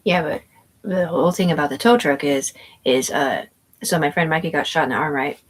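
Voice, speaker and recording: A woman's voice: low voice, brisk, husky, poor audio. A woman telling a rambling story in casual chat, profane and meandering, full of fillers and restarts. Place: indoors at home.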